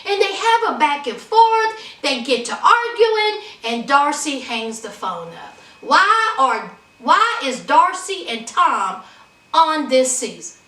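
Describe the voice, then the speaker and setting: Woman, sassy gossip host, high bright voice, slow drawl, roomy off-mic sound. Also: sing-song, far from the mic. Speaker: reality TV recap host. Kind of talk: casual commentary.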